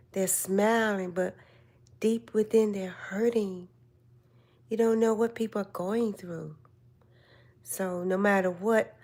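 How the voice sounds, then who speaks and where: An older woman hosting a casual live stream chat, giving slow, gentle, motherly advice to her viewers. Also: medium pitch.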